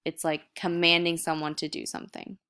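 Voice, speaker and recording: A woman's voice: lowish voice, level tone, brisk, sharp tone, clean tone. A young woman teacher recording a video lesson, explaining step by step in a casual way.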